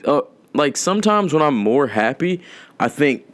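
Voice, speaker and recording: A young man hosting a podcast, talking in a loose, rambling way, swearing a lot and making dark jokes. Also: mid-range voice, big pitch swings, normal speed, clean tone, no room sound. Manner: rambling, profane, darkly joking, drawn out. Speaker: podcast host. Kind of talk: casual rambling monologue.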